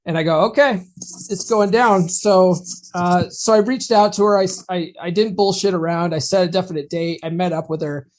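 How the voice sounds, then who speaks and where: Casual male podcast co-host, higher than most men, chatty storyteller. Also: fairly even intonation, a little fast, darkish tone. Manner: chatty, laughs at own story. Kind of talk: casual chat, personal story.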